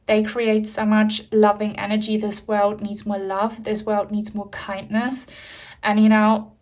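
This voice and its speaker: A woman's voice: mid-range voice, completely flat delivery, a little slow, darkish tone. A woman giving a pick-a-card tarot reading, talking in an emotional, reassuring way with many fillers. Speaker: tarot reader.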